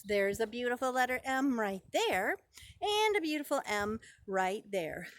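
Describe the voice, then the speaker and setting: A woman's voice: fairly high pitch, sing-song, slow pace, a bit bright, no echo. Sing-song woman reading to preschoolers. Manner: sing-song, encouraging, repeats lessons. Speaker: preschool teacher. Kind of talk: reading a picture book aloud to preschoolers.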